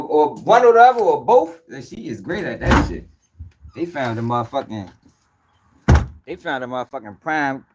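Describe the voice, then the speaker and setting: A man hosting, reacting to a clip in blunt, profane, mocking casual talk. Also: a little high. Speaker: host.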